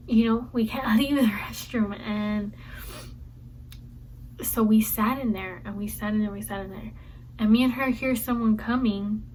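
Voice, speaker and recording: A woman's voice: on the high side, a little mellow, rough recording. A young woman vlogger telling a rambling school story in casual storytime style, repeating herself as she goes. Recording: faint background noise.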